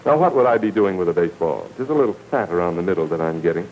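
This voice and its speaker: A man's voice: deep voice, animated, very fast, a little mellow, slight background noise, pitched below the performer's own voice, poor audio. A man reading a story aloud, putting on a folksy Irish brogue for a good-natured, portly old policeman. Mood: genial coaxing. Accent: Irish brogue, put on. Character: jovial portly old Irish beat cop.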